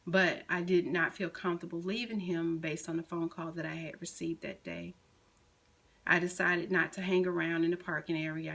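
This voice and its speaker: A middle-aged mother slowly recounting a painful personal story, at times softly quoting her son. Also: on the low side, vocal fry, poor audio. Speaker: grieving mother. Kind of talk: personal testimony.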